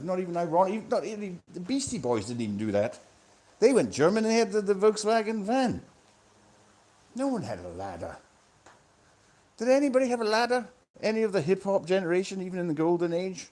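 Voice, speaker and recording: A man in a profane, sardonic, rambling comic monologue that swings between loud outbursts and low mutters. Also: sing-song, fairly quick. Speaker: vlogger. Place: room indoors with electric fans.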